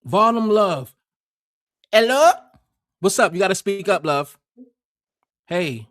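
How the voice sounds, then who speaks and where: A man's voice: high voice, lively intonation, unhurried, fairly bright tone. A man hosting a livestream, rambling and joking in crude, profane casual banter. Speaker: livestream host.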